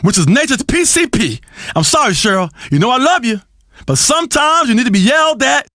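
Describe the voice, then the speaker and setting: An actor playing a flamboyant, erratic radio health guru who rants theatrically, swinging from crooning to shouting. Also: male voice, very high-pitched, big pitch swings, brisk, dry recording, clean studio sound, exaggerated voice. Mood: manic. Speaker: radio talk show host. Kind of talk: comedic radio show acting.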